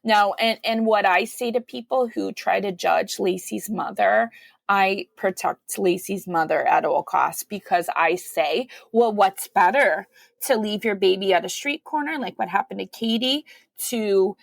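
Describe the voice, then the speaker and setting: A woman who is a guest on a podcast, telling her story in a conversational way and acting out the quoted voices with big jumps in pitch. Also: measured pace, vocal fry, dry recording. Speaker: podcast guest, mother of five.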